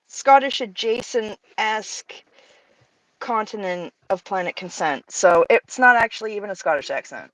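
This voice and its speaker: A woman's voice: mid-range voice, expressive, moderate pace, fairly bright tone, dry recording, poor audio. A woman hosting a casual chat over a video call, playful and teasing, laughing easily. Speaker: host.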